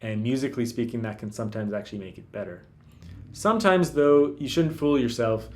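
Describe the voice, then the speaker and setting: A man teaching classical guitar in a relaxed, casual way, thinking aloud with lots of fillers and restarts. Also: mid-range voice, fairly quick. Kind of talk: casual instructional talk.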